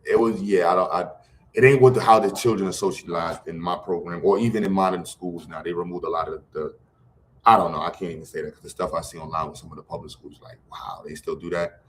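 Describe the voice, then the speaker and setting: Deep-voiced Brooklyn-man, slangy talk. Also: steady tone, fast talker, a little hiss or hum. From Brooklyn, New York. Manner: loose slangy talk with many restarts. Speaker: guest, educator running a program. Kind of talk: casual livestream conversation.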